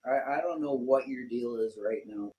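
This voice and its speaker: A man's voice: medium pitch, moderate pace, mellow. Defensive man, keeps saying dude. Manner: defensive, swears, calls people dude. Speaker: streamer, co-host. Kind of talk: live stream argument.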